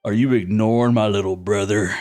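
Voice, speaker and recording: A man doing a gruff, menacing frost giant. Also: lowish voice, fairly even intonation, a little fast, a little mellow, soft background music, voice pushed down, close to an everyday voice. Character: huge menacing male frost giant bandit.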